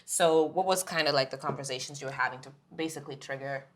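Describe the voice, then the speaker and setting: A woman co-hosting a podcast, playful and quick to laugh, often chiming in with affirmations. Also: very deep voice. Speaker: podcast co-host. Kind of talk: casual podcast chat.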